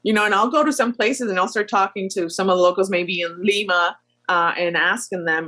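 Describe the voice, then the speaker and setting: A woman in her thirties, an airline captain, telling stories in an animated way as a guest on a podcast, with many fillers. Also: mid-range voice, brisk. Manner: animated storyteller, full of fillers. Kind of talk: storytelling interview chat.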